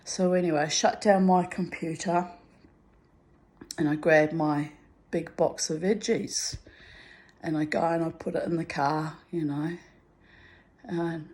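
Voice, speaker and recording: A middle-aged woman telling a personal anecdote in an animated way, acting out the dialogue. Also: sits low, takes it slowly, pauses often. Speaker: storyteller.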